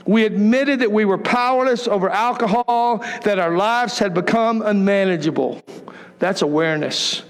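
Pastor, male, high voice, fervent sermon delivery, echoing sanctuary. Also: normal speed. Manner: emphatic, impassioned preaching. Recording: long hall reverb.

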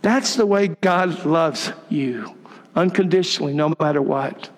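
A pastor preaching a sermon in a church, emphatic and repetitive, sometimes dropping to a soft near-whisper. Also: male voice, fairly high pitch, measured pace. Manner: emphatic, repeats key phrases, drops to a soft near-whisper. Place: church sanctuary. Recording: long reverb of a large church hall.

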